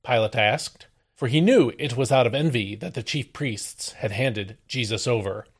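A man hosting a daily devotional, reading a Bible passage aloud and then explaining it, with expressive emphasis on the quoted lines. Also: mid-range voice, moderate pace, breathy edge. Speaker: devotional host. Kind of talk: scripture reading and devotional commentary.

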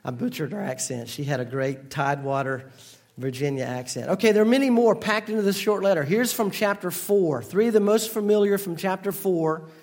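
A man's voice: sits high, a little fast, a little mellow. A man pastor giving a conversational sermon, prompting his congregation to finish familiar verses. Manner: conversational, engaging the congregation with call-and-response. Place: church sanctuary.

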